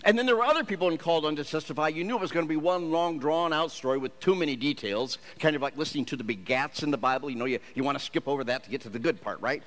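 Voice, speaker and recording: A man's voice: fairly high pitch, rapid-fire, hardly any pauses, a bit bright. A man from Michigan, a Christian actor, giving a humorous storytelling sermon in a self-deprecating, jokey way.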